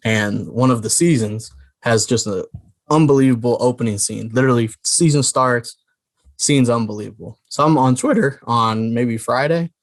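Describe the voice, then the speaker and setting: A man's voice: medium pitch, moderate pace. A man co-hosting a podcast, telling a rambling story full of fillers and restarts. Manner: rambling, filler-heavy, laughing. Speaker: podcast co-host. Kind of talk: casual chat.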